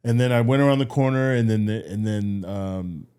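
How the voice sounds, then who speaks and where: A man co-hosting a casual couple's podcast, with a fairly low voice. He tells his stories haltingly, restarting and chuckling as he goes. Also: warm tone, smooth. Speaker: podcast co-host.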